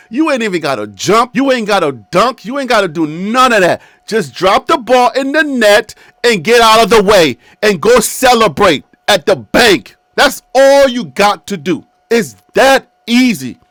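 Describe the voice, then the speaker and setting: A man in his fifties gives casual sports commentary from a seated studio setup. His voice sits high for a man, and he hammers his points home by repeating them straight to the listener. The sound is close and dry. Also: fairly bright tone, dry recording. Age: 50s. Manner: emphatic, repetitive, talks straight to the team. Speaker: sports video host.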